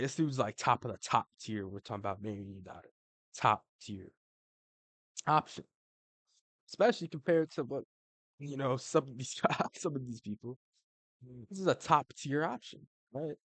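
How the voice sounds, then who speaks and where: A man's voice: mid-range voice, no room sound. A young adult man giving casual ranking commentary, slangy and profane, saying "bro" after nearly every line. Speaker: MMA commentator.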